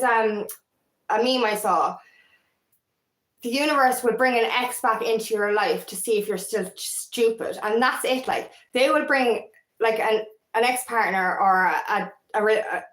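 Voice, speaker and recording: A woman's voice: fairly high pitch, a bit bright, roomy sound, low-quality recording. A woman with an Irish accent, a feminine empowerment coach talking candidly in a casual vlog, rambling and swearing freely.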